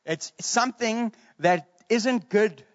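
A man preaching a sermon from the pulpit, casual and joking, animated as he retells a Bible story. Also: high-pitched, slow pace. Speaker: pastor. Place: church hall, streamed to Zoom. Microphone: pulpit mic. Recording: muffled, reverberant church hall.

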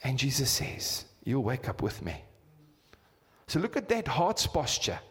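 A South African man in his fifties preaches in a church hall with a long, ringing reverb. His voice sits fairly high and swings widely as he fires repeated rhetorical questions at the congregation. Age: 50s. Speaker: pastor. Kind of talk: sermon.

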